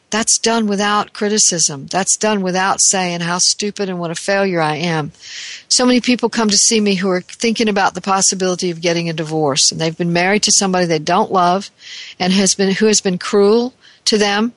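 An earnest host talks through self-compassion with many restarts, stretching key words slowly. The voice sits mid-range and is heard close and dry on a studio mic, with no room around it. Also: mid-range voice, a bit bright, dry recording. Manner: earnest, with frequent restarts and slowed emphasis. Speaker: talk show host and counselor. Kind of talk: reflective talk on self-compassion.

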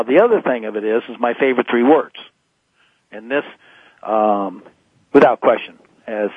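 A man's voice: fairly low pitch, husky, dry recording. A man in his fifties, a motivational speaker, talking emphatically as a guest in a phone-in radio interview. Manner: emphatic, preachy motivational delivery. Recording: tinny phone line.

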